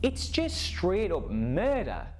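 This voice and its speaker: A man narrating a story in a casual, animated way and acting out the scenes. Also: high voice, slow pace, soft background music. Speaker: YouTube creator.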